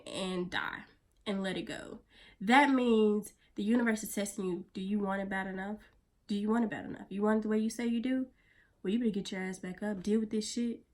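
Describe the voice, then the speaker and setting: A woman vlogging in a blunt, profane pep-talk manner, sometimes dropping her voice to a soft near-whisper. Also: on the high side. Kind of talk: casual motivational vlog talk.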